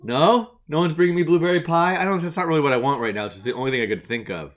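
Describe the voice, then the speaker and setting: A man's voice: fairly high pitch, fast. A man hosting a casual live stream from a home attic studio, rambling and self-deprecating, laughing often between thoughts. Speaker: live-stream coding host.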